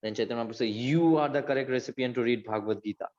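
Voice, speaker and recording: Casting: male teacher, mid pitch, animated storyteller who chants verses fast, slightly dull lo-fi recording. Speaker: devotional class teacher. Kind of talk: Gita class lecture.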